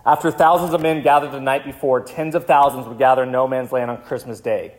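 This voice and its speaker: A male pastor telling a vivid story in a sermon, slowing down for dramatic moments. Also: medium pitch, steady tone. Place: church.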